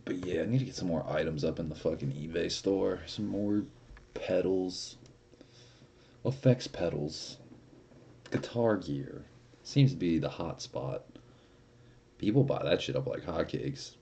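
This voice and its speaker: A man's voice: low-pitched, a little slow, gravelly, long pauses, mellow, a little hiss or hum. A young man streaming, chatting casually and rambling with lots of swearing and laughter. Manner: rambling, profane, laughs often. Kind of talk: casual live-stream chat.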